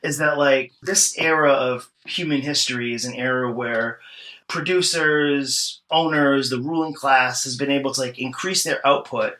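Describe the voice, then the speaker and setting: Bright-sounding guy on a podcast, rambling and swearing a lot, casual. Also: mid-range voice, normal speed, rough recording. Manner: loose, profane storytelling full of "like". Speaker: podcast guest. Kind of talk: casual chat.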